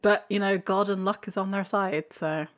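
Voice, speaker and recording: Woman cohost, chill and agreeable, short replies, mid-pitched. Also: steady tone, moderate pace. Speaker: podcast co-host. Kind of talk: casual chat.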